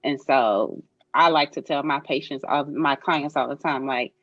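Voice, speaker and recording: A woman's voice: extremely low pitch, measured pace, fairly bright tone, dry recording, highs cut off. A woman doula speaking earnestly and reassuringly in a roundtable discussion, with frequent fillers.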